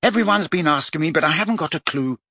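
Cheerful, upbeat teenage girl, as a male reader puts her on, lifting his husky voice higher for a storybook scene. It is recorded dry and close. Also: expressive, quick pace, no echo, full character voice. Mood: happy. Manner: bright, happy. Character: teenage schoolgirl, cheerful and healthy.

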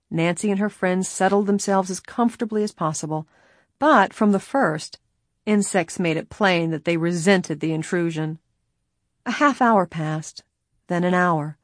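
A woman reads a storybook mystery aloud in a measured, expressive way. Her voice sits on the low side for a woman. Faint music runs quietly behind her. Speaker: narrator. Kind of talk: audiobook narration.

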